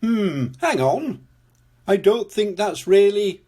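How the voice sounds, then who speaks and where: An older man plays a grumpy big male elephant from a storybook, grumbling and hesitant. The delivery is slow and a bit husky. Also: high voice, very animated, a little mellow, voice pushed up, full character voice.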